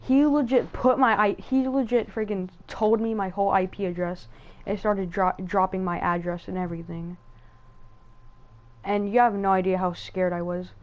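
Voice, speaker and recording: A woman's voice: mid-range voice, moderate pace, poor audio. A woman telling a rambling gaming story. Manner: rambling, excitable, many fillers and restarts. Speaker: gaming channel host. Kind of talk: casual story time over gameplay.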